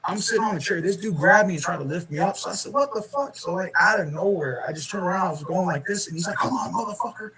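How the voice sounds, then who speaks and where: A man's voice: high-pitched, fast, few pauses, bright, forceful tone, poor audio. A man casually telling a rambling, profane story about getting thrown out of a bar. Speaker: guest in a clip being reacted to.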